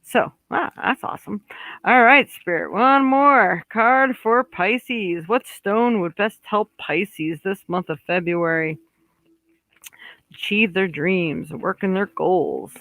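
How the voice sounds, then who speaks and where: A man's voice: sits high, slow pace, gravelly, dry recording, low-quality recording. A man giving a chatty monthly horoscope card reading, talking straight to viewers and to spirit, with many fillers and restarts. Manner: chatty, warm asides, talks to spirit aloud. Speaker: psychic card reader.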